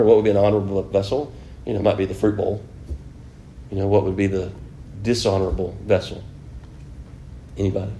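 Slight background noise sits behind this deep, warm male voice, which moves fairly quickly with little pitch movement and frequent pauses. He's leading an informal Bible class, chatting, quizzing his students, and saying "you know" often.

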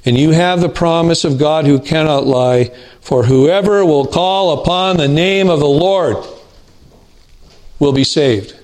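A man preaching a sermon to his congregation, earnest and deliberate, slowing down to stress key words. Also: on the high side, a little mellow. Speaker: pastor.

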